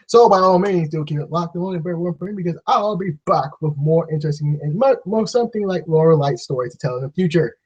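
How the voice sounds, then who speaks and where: A man's voice: on the high side, lively intonation, fast talker, hardly any pauses, breathy edge. A man vlogging a profane, sarcastic, exasperated rant to camera. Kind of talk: ranting monologue. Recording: dull lo-fi recording.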